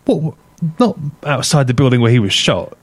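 A man's voice: mid-range voice, sing-song, brisk, dry recording. A man from England co-hosting a casual radio chat show, responding wryly and chuckling along as he shares his own stories. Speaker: co-host. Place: radio studio.

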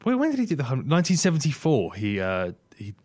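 A man's voice: mid-range voice, huge pitch swings, fast, darkish tone, husky, dry recording. A man co-hosting a radio comedy chat show, telling stories in a wry, chuckling way. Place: radio studio.

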